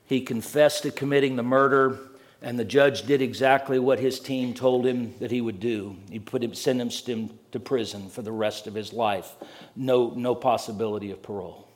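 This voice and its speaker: A man preaches a sermon earnestly at a moderate pace with a steady tone. He repeats words as he builds each point, dropping low and quiet at the ends of phrases.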